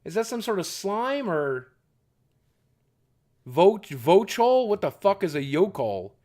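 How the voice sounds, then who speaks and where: A man's voice: sits high, very animated, slow, darkish tone. A man chatting casually and profanely with his stream chat while unboxing, cracking jokes. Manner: crude, profane, jokey.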